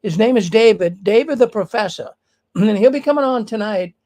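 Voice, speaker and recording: A man's voice: high-pitched, animated, a little fast, a little mellow, low-quality recording. A man hosting a live online news show, talking straight to his viewers in a casual, emphatic way. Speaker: livestream news show host.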